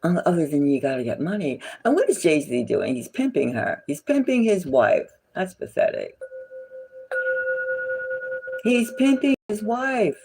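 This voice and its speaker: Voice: mid-range voice, sing-song, measured pace, creaky, warm tone, slightly rough, soft background music. A psychic tarot reader giving a casual gossipy reading, indignant and repetitive, sometimes dropping to a whisper.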